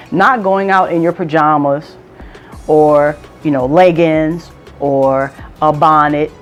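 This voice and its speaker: A woman's voice: deep voice, slow pace, muffled recording, faint music behind. A woman vlogger giving casual advice, talking emphatically and repeating points for stress.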